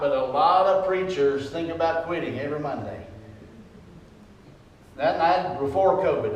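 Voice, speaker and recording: Older pastor, high voice, echoey church. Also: male voice. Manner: personal, conversational preaching. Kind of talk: sermon. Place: church sanctuary. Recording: echoey church, distant mic.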